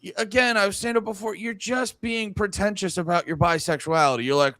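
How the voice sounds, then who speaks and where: A man's voice: high-pitched, a little fast, few pauses, a bit bright, dry recording. A man co-hosting a podcast in crude casual banter, rambling and restarting often. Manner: rambling, restarts often, quotes others in mock voices. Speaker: podcast co-host.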